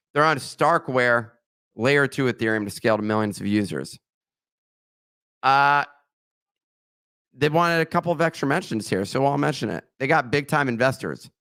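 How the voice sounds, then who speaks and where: A man's voice: mid-range voice, a bit bright, no echo. A man hosting a podcast, reading a sponsor ad with joking asides and slips of the tongue. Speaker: podcast host. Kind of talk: casual podcast chat with ad read.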